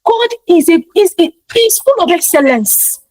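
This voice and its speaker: A woman's voice: very high-pitched, lively intonation, measured pace, a little mellow, no echo, poor audio. A woman giving a motivational talk, speaking emphatically and repeating her key points in a preacher-like way. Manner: talks of her own practice in speaking to online audiences.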